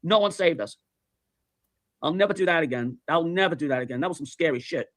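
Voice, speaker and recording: Male streamer, high-pitched and bright, swearing and telling stories in a dry, close sound. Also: fairly quick, no room sound. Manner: animated, profane storyteller who repeats himself. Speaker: livestream host. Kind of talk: casual chat.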